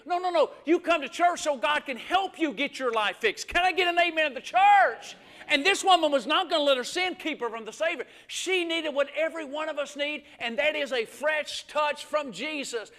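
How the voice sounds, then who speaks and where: Preacher, middle-aged man, very high bright voice, emphatic storytelling sermon style. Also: a little fast. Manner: storytelling, emphatic, call-and-response. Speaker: guest preacher. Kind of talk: live sermon. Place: church sanctuary.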